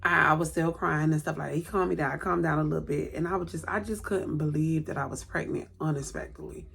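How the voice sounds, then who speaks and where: A woman's voice: sits low, fairly even intonation, fast talker, creaky, noisy background. A woman in her late thirties telling a personal story on camera at home, repeating words for emphasis and acting out what people said. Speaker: vlogger. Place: indoors at home, by a light.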